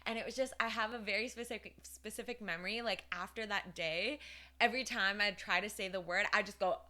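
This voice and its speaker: A woman co-hosting a casual podcast, telling stories in an animated way and laughing at herself. She speaks with an Indian-tinged English accent. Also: mid-range voice, brisk. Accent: Indian English with a mixed British edge. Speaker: podcast co-host. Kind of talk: casual chat, storytelling.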